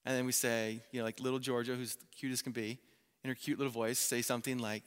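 A man in his thirties preaching a sermon in a church, telling stories in an animated way and acting out the voices of people he quotes. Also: mid-range voice, fast talker, clear, resonant tone. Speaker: pastor. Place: church sanctuary. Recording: long reverb of a church hall.

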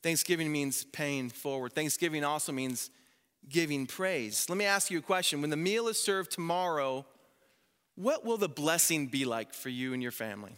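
Male pastor, 30s, bright and slightly high voice, animated sermon storytelling, long church-hall reverb. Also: normal speed, clean tone. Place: church sanctuary.

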